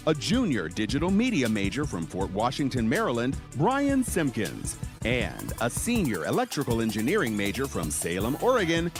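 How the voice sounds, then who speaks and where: A man's voice: mid-range voice, huge pitch swings, moderate pace, over music. A man announcing a game show, introducing the teams in a showy, sing-song way.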